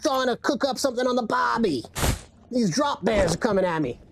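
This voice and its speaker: A woman's voice: fairly high pitch, expressive, fairly quick, creaky, noisy background, pitched above the performer's own voice. A woman streamer voicing a boisterous, cheerful Australian man with a jokey mock Australian accent.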